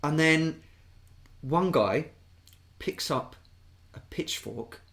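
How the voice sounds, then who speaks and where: A man with a British accent, co-hosting a podcast and telling stories in an animated, sweary way. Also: on the high side, drawn-out words, creaky. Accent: British English. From England. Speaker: podcast co-host. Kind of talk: casual storytelling chat.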